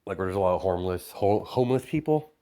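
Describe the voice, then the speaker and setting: A man's voice: deep voice, animated, fast talker, mellow. Rambling man improvising a fan story. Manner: rambling, full of fillers and self-corrections.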